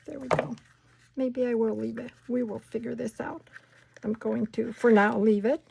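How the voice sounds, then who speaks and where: A woman hosting a casual crafting tutorial at home, chatting and talking herself through each step, sometimes dropping to a soft whisper. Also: on the high side, fairly even intonation, moderate pace, creaky, slight background noise. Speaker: craft channel host.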